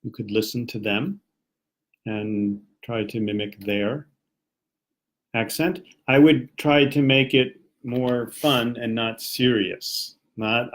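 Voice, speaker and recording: A man's voice: medium pitch, fairly even intonation, slow. A man from the United States teaching English on a casual live stream, encouraging viewers and reading their comments as he goes. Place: home, Japan.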